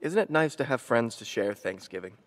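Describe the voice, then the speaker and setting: A man's voice: medium pitch, animated, a little fast, in a large hall, close to an everyday voice. A man voicing a kindly, eager-to-please male moose in a children's story read aloud. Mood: cheerful.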